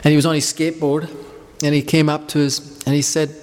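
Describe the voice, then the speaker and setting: A man's voice: fairly high pitch, level tone, fairly quick. Rambling man telling stories in a hall. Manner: rambling, anecdotal, warm storytelling. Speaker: speaker leading a devotional group. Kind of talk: informal talk with questions.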